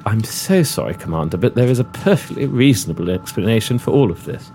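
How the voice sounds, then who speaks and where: Gruff Southern commander, a man hamming it up, lively, blustering, faint music. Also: on the low side, fast talker, pitched below the performer's own voice. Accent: put-on Southern US drawl. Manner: folksy, blustering, threatening. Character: gruff folksy male space commander.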